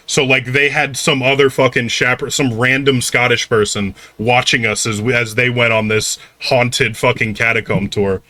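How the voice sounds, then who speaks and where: A man's voice: medium pitch, steady tone, normal speed, sharp tone, no echo. A man co-hosting a podcast, telling stories in casual chat, rambling with lots of "like" and swearing freely. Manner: rambling, heavy use of "like", swears a lot. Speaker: podcast co-host.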